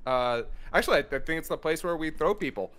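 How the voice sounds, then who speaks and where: A man's voice: on the high side, expressive, fast, a bit bright. A man in a group game session, explaining hesitantly with many uhs and restarts. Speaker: guest player on a game stream. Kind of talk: casual group game chat.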